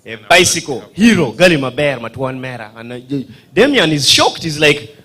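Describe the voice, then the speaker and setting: A man's voice: medium pitch, very animated, moderate pace, hardly any pauses, bright, forceful tone, breathy edge. A man with a Ugandan accent, doing stand-up comedy storytelling at a dinner event, acting out voices and sound effects and quizzing the audience. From northern Uganda.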